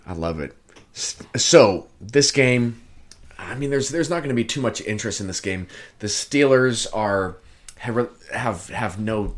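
A young man with a slightly low voice chatting loosely about football on a podcast. He keeps it laid-back, swears freely and tosses in "dude" all the time. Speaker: podcast co-host. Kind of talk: casual sports chat. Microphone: own mic, muting himself at times.

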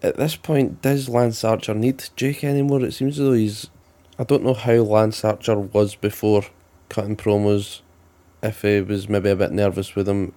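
A man co-hosting a casual wrestling chat, asking questions and getting excited. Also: fairly low pitch, moderate pace. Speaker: podcast co-host.

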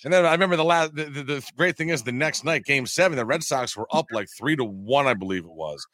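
A man in his forties talks on a video call in a rambling, self-deprecating way, circling back and repeating his words. His voice has a bright, forward edge and sounds dry and close, with no room around it. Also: medium pitch, expressive, quick pace, no room sound. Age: 40s. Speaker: guest. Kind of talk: casual chat.

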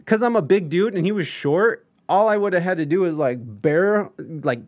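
Young man, slightly high voice, casual storytelling, swears a lot, animated, self-deprecating, frequent restarts. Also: moderate pace.

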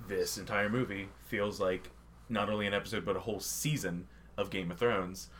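A man's voice: lowish voice, fairly even intonation, normal speed, a bit bright. A man in casual conversation about films, talking in a rambling way and swearing now and then. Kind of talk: casual movie discussion.

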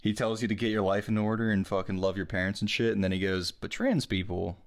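A man's voice: lowish voice, little pitch movement, fast talker, clean tone. A young man co-hosting a podcast in casual chat, laid-back, swearing often and laughing a lot. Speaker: podcast co-host.

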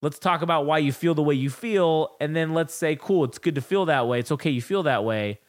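A man's voice: fairly high pitch, brisk. A young man co-hosting a podcast, telling a rambling, profane story about raising his daughter in casual chat. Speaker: podcast co-host.

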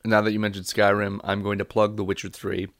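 A man co-hosting a podcast, chatting casually with quick, teasing quips and frequent giggles. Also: on the low side, completely flat delivery, fairly bright tone, no echo. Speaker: podcast co-host. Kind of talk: casual comedic chat.

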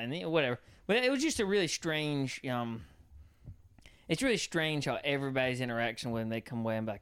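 A man's voice: mid-range voice, expressive, quick pace, a bit bright, smooth. A man telling a loose, profane story in a casual chat among friends.

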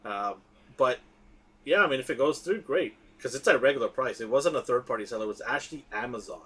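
A man with a husky, slightly rough voice talks in a casual podcast chat. He is emphatic and keeps restarting his sentences, doubling words as he goes. His pitch sits in an ordinary middle range. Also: expressive, fast talker, a bit bright. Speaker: podcast co-host.

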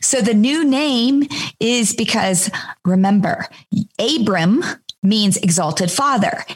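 A woman co-hosting a casual Bible study podcast, talking in an animated, emphatic way and often speaking lines as God would say them. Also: mid-range voice, slow pace, breathy edge.

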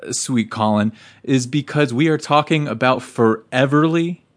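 A man's voice: medium pitch, moderate pace, no room sound, studio quality. A man co-hosting a casual podcast, joking and rambling. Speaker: podcast co-host.

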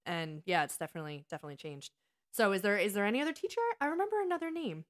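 A woman co-hosting a casual talk show, speaking in a relaxed, reflective way. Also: mid-range voice, racing. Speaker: podcast co-host, daughter. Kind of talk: casual chat.

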